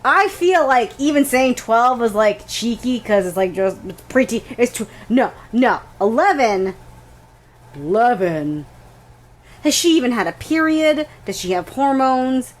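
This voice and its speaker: A woman co-hosting a podcast, reacting to a novel with animated exclaiming and laughter. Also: fairly high pitch, normal speed, few pauses. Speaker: podcast co-host. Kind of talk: casual book chat.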